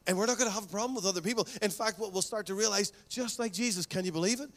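A male pastor preaching a sermon, telling stories with lively asides and acting out quoted voices. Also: high voice, racing. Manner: animated storytelling, acts out quoted voices.

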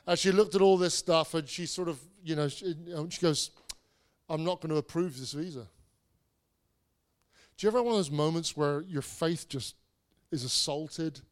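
High-voiced preacher telling a story. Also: male voice, fairly quick. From England. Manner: conversational storytelling with restarts and self-deprecating asides. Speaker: pastor. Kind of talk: sermon.

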